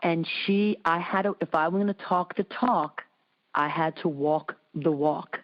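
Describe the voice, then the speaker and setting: A woman hosting an interview show, telling a lively story and acting out the voices in it. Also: a little slow, highs cut off. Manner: animated storyteller, acts out quotes with big pitch jumps. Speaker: host. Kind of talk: casual conversational interview.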